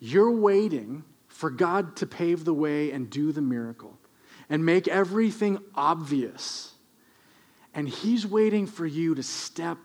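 High-voiced male preacher telling stories. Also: a little slow. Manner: animated, humorous storytelling. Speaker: pastor. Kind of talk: storytelling sermon.

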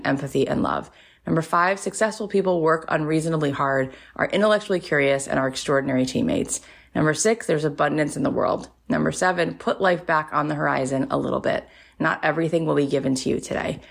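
Low, gravelly female host. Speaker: podcast host. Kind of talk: reading takeaways and listener messages.

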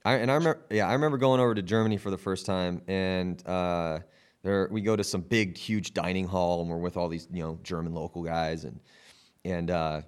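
A young man hosting a podcast, with a lowish voice. He tells stories animatedly, laughs often and acts out what others said in quick little voices. Easygoing, chatty delivery. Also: steady tone, smooth. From San Diego, California. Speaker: podcast host. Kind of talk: casual chat.

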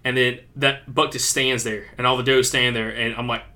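A man tells a hunting story on a casual podcast, his voice bright and forceful. He gets animated as he retells it and leans on fillers like "like" and "kinda.". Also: medium pitch, normal speed. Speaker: podcast co-host.

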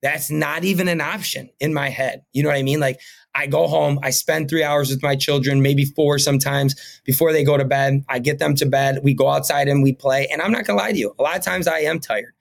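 A man's voice: on the high side, fairly even intonation, fairly quick, gravelly. A man talking casually as a podcast guest, earnest and rambling, often tagging his sentences with "right?" and "you know what I mean?". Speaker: podcast guest, painting company owner. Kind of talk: casual interview talk.

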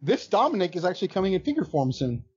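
A man's voice: high voice, sing-song, quick pace, darkish tone, breathy edge, lo-fi sound. A man co-hosting a podcast, chatting casually about wrestling with wry asides. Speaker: podcast co-host.

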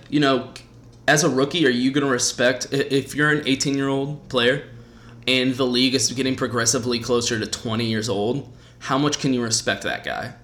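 A man hosting a podcast, telling a story in casual chat with lively, profane energy. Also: medium pitch. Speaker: podcast host.

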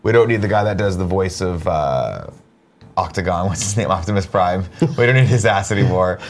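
A man's voice: sits low, a little fast, a little hiss or hum. A man hosting a casual comedy chat show, sarcastic and joking. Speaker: host.

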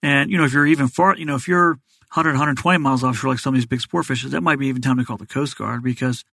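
A man's voice: mid-range voice, fairly even intonation, vocal fry, pushed and bright, no room sound. A man, a doctor as a guest, explaining health matters in plain, practical terms. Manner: fast, plain-spoken explainer. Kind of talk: explanatory interview answers.

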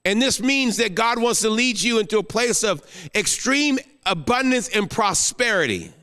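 A guest pastor preaching an emotional sermon, rising to exclamations and then falling soft into prayer. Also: male voice, high voice, lively intonation, normal speed, clear, resonant tone, long reverb tail.

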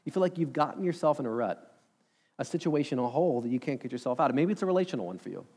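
A man's voice: mid-range voice, lively intonation, very fast, darkish tone, slightly rough. A man in his thirties preaching a sermon in a casual, earnest way, asking the congregation rhetorical questions. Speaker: pastor.

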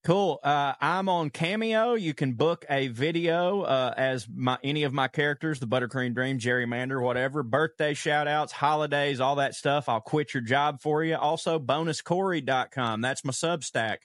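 A man's voice: fairly high pitch, moderate pace, hardly any pauses, fairly bright tone, no echo. A man co-hosting a podcast, reading listener letters aloud in a loose, profane way with chuckles. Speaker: podcast co-host. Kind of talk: casual chat, reading listener mail.

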